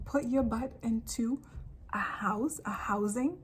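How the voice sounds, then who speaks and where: A woman from Africa talking straight to camera in a casual, animated monologue, full of rambling asides. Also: fairly high pitch, slow pace, slight background noise, poor audio. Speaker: vlogger.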